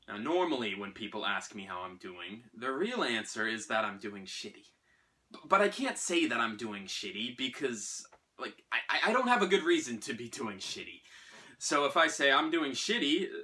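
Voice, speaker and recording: A man performing a comedic dramatic monologue as a gloomy, self-pitying man telling a bleak anecdote in a sardonic, deadpan way. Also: medium pitch, voice pushed up. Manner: sardonic, deadpan, with bursts of exasperation.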